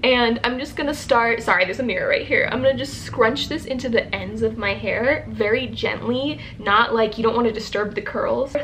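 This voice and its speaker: A woman's voice: fairly high pitch, moderate pace, hardly any pauses, a bit bright, a little hiss or hum. A young woman vlogging casually at her table, bubbly and chatty, laughing often and filling with "like" and "um". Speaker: book vlogger. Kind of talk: casual morning vlog. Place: indoors at a table by a window.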